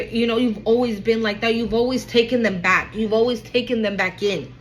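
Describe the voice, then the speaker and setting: A woman's voice: on the high side, steady tone, brisk, hardly any pauses, noisy background. Blunt, profane woman tarot reader. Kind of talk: casual tarot reading to an online audience.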